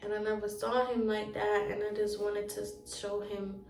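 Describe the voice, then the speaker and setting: A woman telling an emotional personal storytime, halting and repeating phrases for emphasis. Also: mid-range voice, completely flat delivery, a little mellow, slight background noise. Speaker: relationship wellness coach. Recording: roomy sound from a distant mic.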